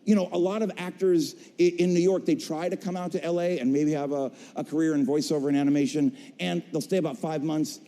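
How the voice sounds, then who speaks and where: A middle-aged man telling his career story on a convention stage, an animated storyteller who acts out voices and jokes. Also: on the high side, fairly quick, few pauses. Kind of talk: stage talk to a convention audience. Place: large convention hall stage. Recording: long hall reverb.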